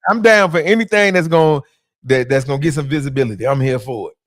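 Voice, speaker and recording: A man's voice: fairly high pitch, quick pace, no room sound, clean studio sound. A man, a comedian guest chatting casually on a podcast with lots of fillers and jokes. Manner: laid-back, joking, many fillers.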